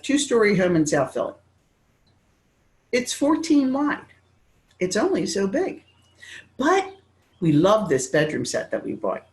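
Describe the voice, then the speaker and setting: A woman giving a real estate training lecture, animated and acting out quick bits of dialogue. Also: mid-range voice, echoey room. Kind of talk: classroom lecture.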